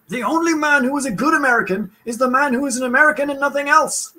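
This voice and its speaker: A man's voice: very high-pitched, fast, bright, forceful tone, pitched above the performer's own voice, full character voice. A man putting on a hammy mock accent to play a blustering early-1900s president giving a speech. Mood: orating.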